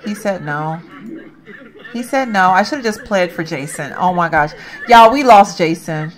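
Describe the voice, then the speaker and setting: Woman, casual game commentary, expressive lively pitch, talks to viewers. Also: unhurried. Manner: chatty, reacts loudly, addresses viewers as y'all. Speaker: gaming channel host.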